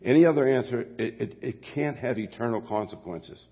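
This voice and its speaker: A man's voice: medium pitch, brisk, breathy edge. An older man preaching a sermon as pastor, folksy and rambling, often correcting himself mid-sentence. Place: church sanctuary. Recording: dull long-reverb church sound.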